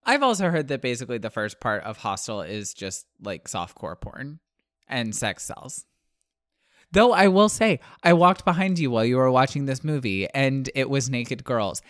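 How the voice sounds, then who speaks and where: Lively, wry male podcast co-host. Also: medium pitch, moderate pace, dry recording, clean studio sound. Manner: wry, teasing interjections. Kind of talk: casual podcast chat.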